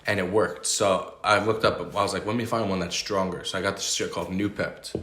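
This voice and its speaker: A man's voice: low-pitched, fairly even intonation, a little fast, fairly bright tone. A young man with a New York accent, a comic telling a long profane story in casual podcast chat. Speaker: podcast host. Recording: echoey room.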